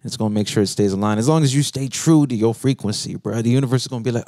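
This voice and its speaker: A man's voice: medium pitch, racing, hardly any pauses, warm tone, dry recording. A man in a casual podcast chat, laid-back and slangy, rambling as he talks in a studio.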